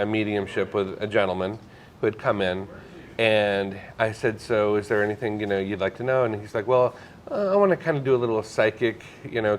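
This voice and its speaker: A man with a somewhat low voice talks through his experiences as a medium in an easygoing podcast chat. He tells his stories earnestly and lets the emotion show. A faint hiss sits under the recording. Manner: storytelling, earnest, gets emotional. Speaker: psychic medium guest. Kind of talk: relaxed podcast conversation.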